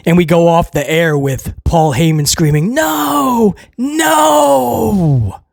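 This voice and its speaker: A man recapping a wrestling show in a casual, excitable way, rambling with restarts and chuckles. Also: fairly high pitch, normal speed, dry recording, clean studio sound.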